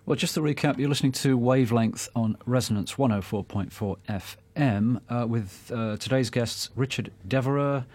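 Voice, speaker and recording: A man hosting a radio show, chatting casually with guests and recapping in a relaxed, easygoing way. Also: medium pitch, normal speed, few pauses, slightly rough. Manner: easygoing, brief interjections and recaps.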